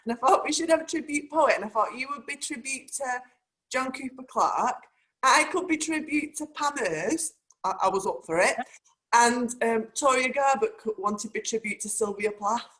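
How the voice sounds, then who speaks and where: A woman's voice: fairly high pitch, normal speed, fairly bright tone. A woman hosting a talk show, chatting in a rambling, casual way full of "like" and "um". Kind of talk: casual chat.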